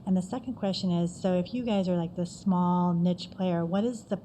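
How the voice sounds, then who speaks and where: A woman's voice: lowish voice, normal speed, warm tone, a little hiss or hum. A woman relaying questions at a talk, casual and searching for words as she asks.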